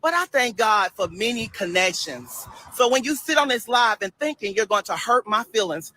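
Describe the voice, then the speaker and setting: A man livestreaming a preachy monologue, loud and animated, sassy and dismissive toward his commenters. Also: high voice, normal speed, no room sound, rough recording. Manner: loud and animated, bursts into shouts and laughter.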